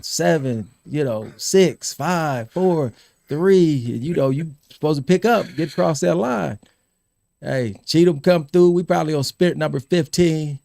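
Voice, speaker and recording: A middle-aged man hosting a podcast, telling lively stories about his college team, laughing and repeating himself as he goes. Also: a little high, creaky, no room sound, clean studio sound. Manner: animated storyteller, laughs and repeats words. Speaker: podcast host. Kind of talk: casual storytelling chat.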